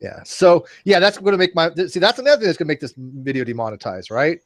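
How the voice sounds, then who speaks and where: A man's voice: fairly high pitch, quick pace, no echo. A man in his forties hosting a casual panel chat, rambling and joking at his own expense. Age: 40s. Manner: rambling, joking, self-mocking. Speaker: host.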